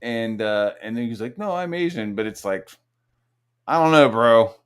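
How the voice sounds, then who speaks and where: A middle-aged man hosting a casual, profane chat, animated and jumping into high-pitched quoted voices. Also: normal speed, clean tone. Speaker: podcast host.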